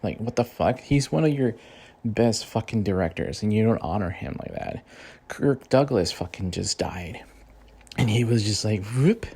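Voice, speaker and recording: A man with a lowish, gravelly voice vents in a loose, heated rant. He swears constantly and strings thoughts together with fillers, sounding like an unscripted host talking straight to his audience. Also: lively intonation, moderate pace, a little mellow. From Mexican-American. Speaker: podcast host. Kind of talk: profane casual rant.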